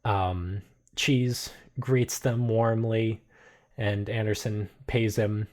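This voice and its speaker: A man narrating a tabletop game as game master, unhurried and full of filler words. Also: on the low side, fairly even intonation, a little mellow.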